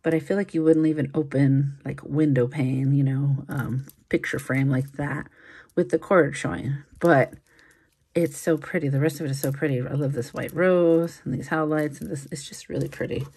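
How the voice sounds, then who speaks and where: Unboxing jewelry she resells, a woman thinks out loud in a chatty way, peppered with likes and ums. Her voice is low, husky, and dark, steady at a moderate pace.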